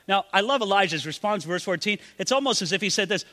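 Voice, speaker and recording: Guy preaching a sermon, high bright voice, acts out prayers big, long hall echo. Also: animated, fast talker, hardly any pauses. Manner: dramatic, acts out quoted prayers in a raised voice. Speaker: pastor.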